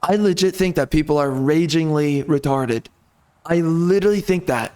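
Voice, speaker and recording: A man's voice: fairly high pitch, normal speed, darkish tone. A man giving casual gameplay commentary as a video creator, ranting in frustration with frequent mild cursing.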